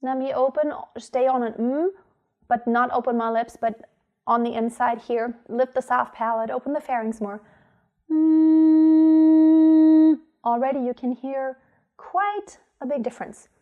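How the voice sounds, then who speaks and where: Woman voice coach talking thru vocal technique, bit higher voice, stops to sing little demo tones. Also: steady tone, moderate pace, narrow, tinny audio. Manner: explains clearly, breaks off to sing demonstration tones. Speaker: singing teacher.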